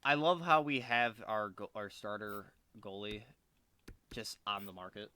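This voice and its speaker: Exasperated gamer man, bright and lowish. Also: animated, a little slow, clean tone. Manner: frustrated, swearing, muttering to himself. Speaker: gaming video creator. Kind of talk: casual gameplay commentary.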